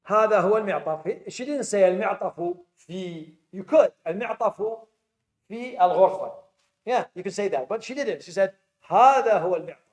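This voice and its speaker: A man's voice: high voice, animated, fast. A man teaching an Arabic class, quizzing his students and repeating phrases with frequent restarts, recorded in a classroom. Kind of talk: classroom lecture. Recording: echoey classroom.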